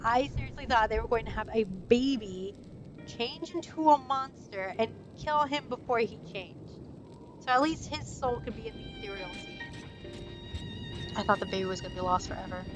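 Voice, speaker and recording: A woman's voice: on the high side, animated, normal speed, over music, rough recording. A woman hosting a let's play, giving emotional, exclamatory commentary and reading the dialogue aloud. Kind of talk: casual gameplay commentary.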